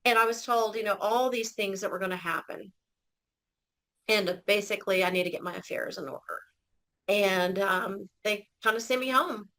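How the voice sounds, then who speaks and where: A woman's voice: mid-range voice, moderate pace, bright, forceful tone, low-quality recording. A woman telling her personal story as an interview guest, earnest and emotional, often restarting her sentences.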